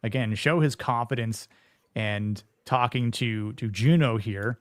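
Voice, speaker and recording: A man's voice: medium pitch, a little slow, no echo. A man hosting a casual film chat, with a mid-range voice recorded dry and close. He rambles through his points with lots of fillers and restarts.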